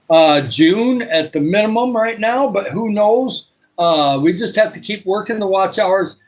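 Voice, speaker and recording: Older Michigan man, livestream host, meandering casual chat, filler-heavy, voice sits a bit high. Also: poor audio. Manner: rambling, many filler uhs. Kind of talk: casual live chat with viewers.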